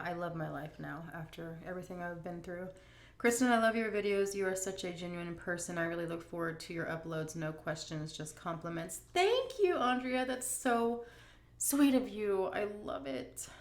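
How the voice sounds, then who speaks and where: A middle-aged grandmother vlogger chatting candidly and emotionally as she answers viewer questions. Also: lowish voice. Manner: candid, emotional, drawn-out emphasis. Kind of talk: casual Q&A chat. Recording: echoey room.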